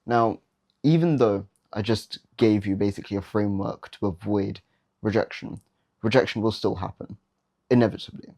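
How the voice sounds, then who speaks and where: A man's voice: fairly low pitch, moderate pace, vocal fry, a little mellow. A young man giving dating advice in a casual, blunt, slangy monologue, often mocking the habits he warns against.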